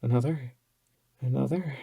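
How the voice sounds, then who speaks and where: A man narrating an audiobook in a measured, dramatic way. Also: medium pitch, creaky, warm tone, husky, dry recording.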